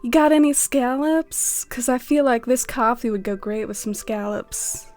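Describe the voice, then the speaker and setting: A woman's voice: fairly high pitch, moderate pace, a little mellow, faint music behind, natural voice. A woman voicing a laid-back male sea otter from a video game in a drawling stoner voice. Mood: mellow drawl. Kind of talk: reading game dialogue aloud.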